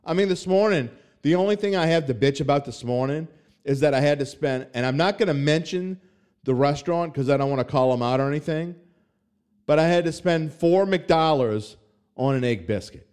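A man's voice: on the high side, fairly quick, darkish tone, clear, resonant tone. A middle-aged man hosting a sports podcast, rambling and ranting in a self-mocking, casual way. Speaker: podcast host and sports betting writer. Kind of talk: casual solo podcast talk.

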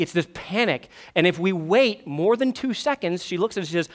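A man in his thirties with a high voice preaches a sermon in a church. He talks with a lot of energy and acts out desperate prayers in a raised, pleading voice. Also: expressive, normal speed. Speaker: pastor. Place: church sanctuary.

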